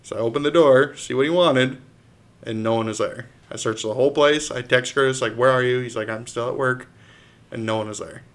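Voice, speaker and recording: Young man, plain mid-pitched storytelling. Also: fairly quick. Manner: short plain sentences. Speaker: podcast co-host. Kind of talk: casual storytelling chat.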